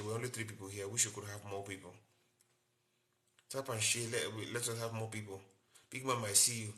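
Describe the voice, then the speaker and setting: A man with a medium-pitched, sharp-toned voice hosts a live-stream health talk as a doctor. He explains things in short, repeated phrases and greets viewers by name.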